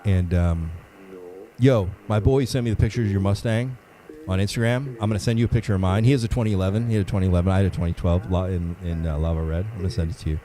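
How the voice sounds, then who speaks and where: A man's voice: low-pitched, fast talker, warm tone, rough recording. A man hosting a casual livestream, greeting viewers by name in a laid-back way, a little under the weather and sniffling. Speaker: livestream host.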